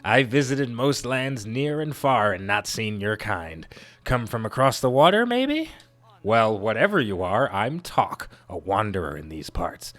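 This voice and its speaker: A man's voice: lowish voice, big pitch swings, a little slow, fairly bright tone. A man voicing a chatty wandering male forest creature in a silly, folksy put-on voice for a video game. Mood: friendly, curious.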